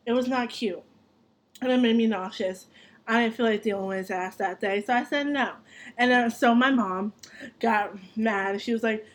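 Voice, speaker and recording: A young adult woman telling a story in casual chat. She is animated and profane and laughs as she talks. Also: fairly high pitch, moderate pace.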